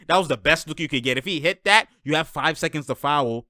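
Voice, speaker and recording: A man casually breaking down basketball plays as the host, animated and quick to act out what players say. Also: on the high side, no room sound, studio quality. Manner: animated, quotes players in put-on voices. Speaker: sports commentator.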